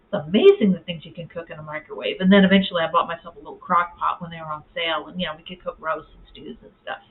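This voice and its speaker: A woman's voice: lowish voice, fairly even intonation, fast. A woman telling a personal story in a casual, rambling vlog, full of fillers and restarts. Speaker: vlogger. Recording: tinny, phone-like audio.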